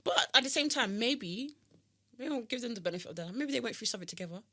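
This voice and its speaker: Playful young woman with a bright voice. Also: on the high side, fast talker. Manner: expressive, mock-outraged, playful. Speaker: podcast co-host. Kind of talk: casual chat.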